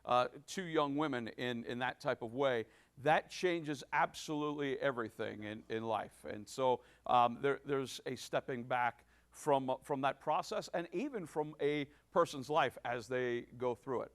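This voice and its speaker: A male pastor giving a sermon, with many restarts and fillers, building to emphatic points. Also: mid-range voice. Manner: halting with many restarts, rising to emphatic preaching.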